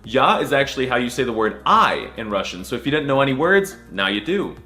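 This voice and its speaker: A man's voice: medium pitch, very animated, a little fast, bright, forceful tone, soft background music. A young man giving a jokey scripted voice-over lesson, sarcastic and crude with a mock-serious tone. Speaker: comedy language explainer.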